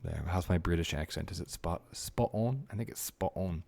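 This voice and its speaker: Gravelly man chatting on a game stream. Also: sits low, a little mellow. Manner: chatty, self-mocking, muttering to himself. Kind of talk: casual livestream chat while building.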